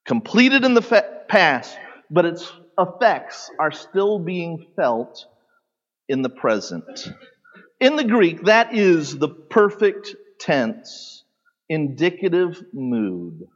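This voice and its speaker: A pastor preaching a sermon, teaching animatedly with sudden loud peaks and soft drops, in a large church sanctuary. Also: male voice, a little high, very animated, takes it slowly. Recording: long hall reverb, dull lo-fi sound.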